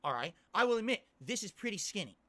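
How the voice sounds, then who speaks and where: Complaining man with a high, bright voice. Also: sing-song, fast talker. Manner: complaining, insistent, keeps asking "okay?". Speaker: streamer. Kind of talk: ranting stream commentary.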